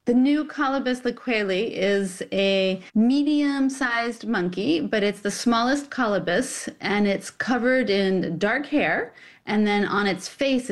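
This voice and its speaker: A woman scientist speaks with evident enthusiasm in a news interview clip. She describes things vividly and in detail. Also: mid-range voice.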